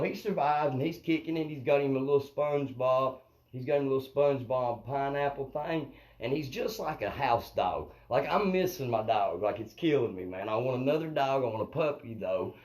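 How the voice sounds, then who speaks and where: A comedian hosting a live stream rambles through a profane comic monologue, constantly checking in with viewers and asking "you know what I mean." His voice is medium-pitched with a darkish tone. The recording is rough, picked up by a phone or webcam.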